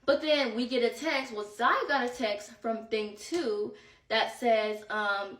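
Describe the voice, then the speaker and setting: A young woman hosting a podcast, telling a story in an animated, casual way full of slang. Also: on the high side, a little slow, far from the mic. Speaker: podcast host. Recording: roomy echo, set back from mic.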